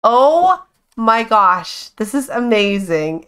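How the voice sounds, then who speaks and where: A woman's voice: on the low side, a little slow, vocal fry. A woman hosting a casual let's-play, chatting along and coaxing her characters with pet names. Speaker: gaming channel host.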